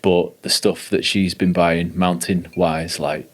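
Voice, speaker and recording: A man's voice: low-pitched, little pitch movement, slow. A man hosting a podcast, chatty and casual, swearing freely and using slang. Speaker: podcast host. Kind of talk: casual interview chat.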